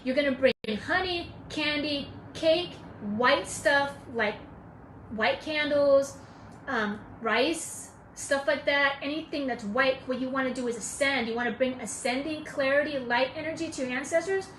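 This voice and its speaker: A woman's voice: sits high, measured pace, a bit bright, echoey room, a little hiss or hum, rough recording. A woman giving casual spiritual advice on a live stream, emphatic and preachy, repeating her points. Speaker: spiritual teacher.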